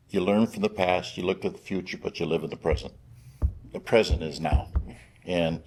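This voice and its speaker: Deep husky veteran coach. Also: male voice, darkish tone. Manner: plainspoken, uses sayings and short punchy phrases. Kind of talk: panel discussion.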